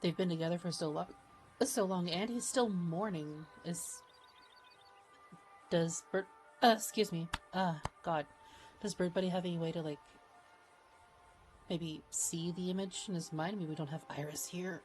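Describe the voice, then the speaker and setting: A woman's voice: fairly low pitch, normal speed, pauses often, darkish tone, faint music behind. A woman playing in a tabletop game, talking casually and stumbling over her words. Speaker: player.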